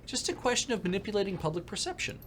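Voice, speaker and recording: A man voicing a smug, scheming male rival TV producer who lectures in a smooth, condescending way. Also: high voice, big pitch swings, racing, a bit bright, slight background noise, pitched above the performer's own voice.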